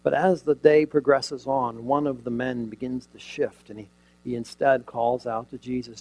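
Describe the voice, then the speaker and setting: A man preaching a sermon, retelling a scene dramatically with rhetorical questions and sudden shifts from loud emphasis to near quiet. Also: mid-range voice, level tone, moderate pace, low-quality recording.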